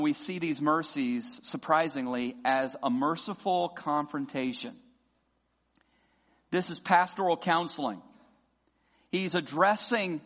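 A man preaching a sermon as pastor, passionate and building to loud emphatic peaks. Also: on the high side. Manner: impassioned preaching, voices imagined prayers loudly. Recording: dull sound with long hall reverb.

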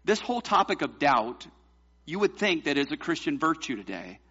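Bright-voiced preacher, emphatic and questioning. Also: male voice, a little high, very animated, normal speed, breathy edge, muffled recording. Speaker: pastor. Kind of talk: sermon.

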